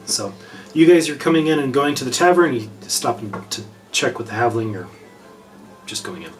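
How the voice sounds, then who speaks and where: A man narrating a tabletop game as game master, often halting and repeating words. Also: mid-range voice, soft background music.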